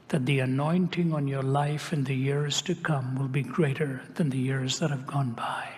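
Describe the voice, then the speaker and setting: An older man telling a story in a sermon, dropping at times to a hushed whisper. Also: medium pitch, steady tone, moderate pace, hardly any pauses, in a large hall. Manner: dramatic shifts to a hushed whisper. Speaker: preacher.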